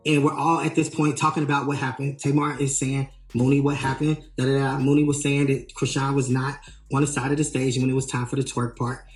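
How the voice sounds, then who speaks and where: A man working as a tour manager tells a story in an animated way, re-enacting what people said with emphatic rises. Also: mid-range voice, brisk. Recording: roomy echo, faint music.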